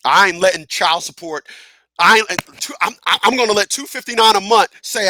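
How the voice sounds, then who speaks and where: A man hosting a live talk radio show who talks in an animated, profane way, laughs often and repeats himself. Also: sits high, moderate pace, no echo.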